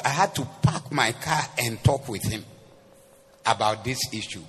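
A man preaching a sermon as the pastor. He switches between English and Twi phrases and swings from soft asides to loud, emphatic preaching. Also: mid-range voice, moderate pace. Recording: long hall reverb with faint noise.

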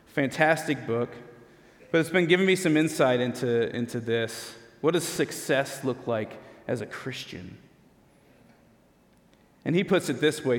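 A man, a pastor, telling a humorous personal story in a conversational sermon. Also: mid-range voice. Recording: long hall reverb.

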